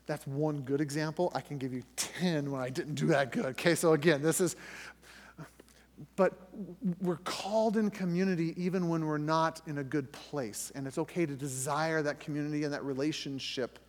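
A man's voice: on the high side, normal speed. Man telling a story in a reverberant room. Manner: conversational storytelling with restarts, rising tension when reliving the scare. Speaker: podcast host. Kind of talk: personal story in a faith podcast.

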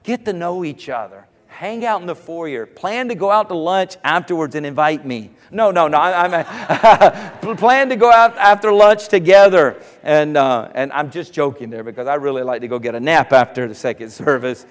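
High-voiced pastor preaching in a hall. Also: male voice, normal speed, hardly any pauses. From South Carolina. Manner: animated, jokes with the congregation, rises to shouts. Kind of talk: sermon. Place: church sanctuary. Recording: long church hall reverb.

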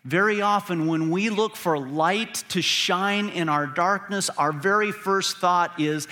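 A man's voice: sits high, measured pace, hardly any pauses, bright, forceful tone. A man preaching a sermon as pastor, earnest and building to emphatic peaks.

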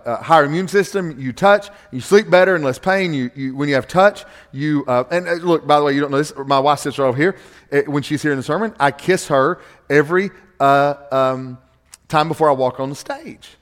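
A middle-aged man preaching a sermon from a church stage, emphatic and animated, repeating key phrases for effect. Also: a little high. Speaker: pastor. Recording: long hall reverb from a church stage.

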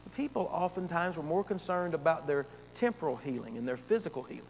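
A man preaching a sermon as pastor, emphatic, with dramatic pauses and big swings between loud and soft. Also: on the high side, animated, creaky, in a large hall.

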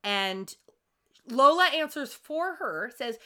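Woman co-host, high bright voice, very animated delivery, casual show recap. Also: measured pace. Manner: animated, acts out characters' lines in quotes. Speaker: podcast co-host. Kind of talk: casual episode recap chat.

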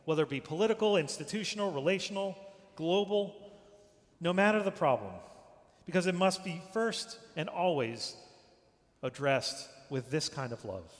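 Male preacher with a slightly high voice, emphatic and repetitive, dropping to a hush on key words; recorded with long church-hall reverb. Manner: emphatic, repeats phrases, drops to a hush at line ends. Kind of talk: sermon.

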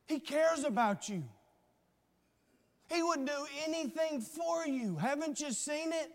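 A preacher acting out a loyal young prince, earnest and pleading as he speaks up for his friend. The voice sits high and smooth, and it carries the long reverb of a large hall. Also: normal speed, a bit bright. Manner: earnest, pleading, repeats himself.

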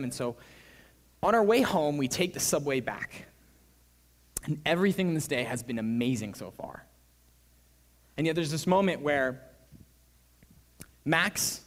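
A young man preaching a sermon, telling a personal story in a casual, lively storytelling manner. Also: mid-range voice, long reverb tail. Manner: casual, storytelling, acts out quoted voices.

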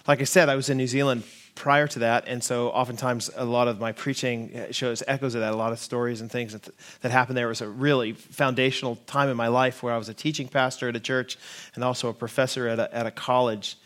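A man's voice: medium pitch, little pitch movement, fast, fairly bright tone. Brief: American male pastor in his forties, funny, self-deprecating sermon anecdote to a congregation. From United States. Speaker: lead pastor. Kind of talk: sermon storytelling.

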